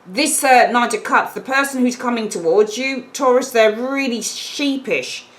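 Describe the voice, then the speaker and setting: A woman's voice: a little high, measured pace, fairly bright tone, low-quality recording. Chatty woman reading tarot. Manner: chatty, emphatic, repeats points, acts out little quoted exchanges. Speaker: tarot reader. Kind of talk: casual tarot reading to camera.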